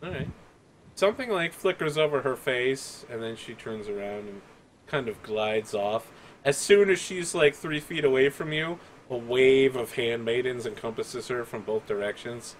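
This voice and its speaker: A man's voice: mid-range voice, expressive, moderate pace, slight background noise. A man narrating a tabletop game as game master in a casual, chatty way. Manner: casual, chatty, many fillers.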